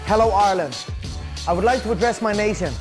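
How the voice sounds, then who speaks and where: A pompous leader solemnly addresses his whole nation, as a man puts him on, his voice pitched up high and stately. Hip hop music plays loudly behind him. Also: fast, close to an everyday voice. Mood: grandiose. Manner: grand, solemn oratory.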